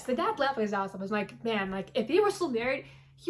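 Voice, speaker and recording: A woman with a somewhat high voice recaps a movie in a loose, chatty way. She swears freely and jumps into characters' lines with lively emphasis. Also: quick pace, a little hiss or hum. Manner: animated, profane storytelling, acting out characters' lines.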